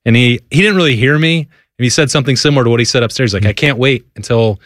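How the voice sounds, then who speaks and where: A man's voice: medium pitch, very fast, fairly bright tone, no echo, clean studio sound. A man guesting on a sports radio show, talking casually in a self-deprecating, rambling way.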